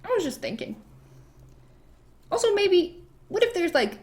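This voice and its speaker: A coy queen who drops sly hints and leans on every "hypothetically," her voice pitched up high, as a woman puts her on. She talks slowly, coaxing rather than asking outright. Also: sing-song.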